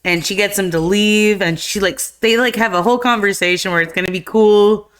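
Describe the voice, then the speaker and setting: A woman's voice: mid-range voice, fairly quick, smooth. A woman co-hosting a live stream, casually retelling a film's plot with lots of fillers and acted-out lines. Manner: rambling, animated retelling with acted-out quotes. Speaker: podcast co-host. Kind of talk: casual chat recapping a film.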